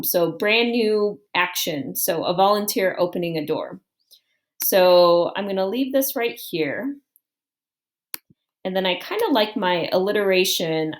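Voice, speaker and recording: A woman teaching a writing lesson, thinking aloud in a calm, explanatory way as she walks through an example on screen. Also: medium pitch.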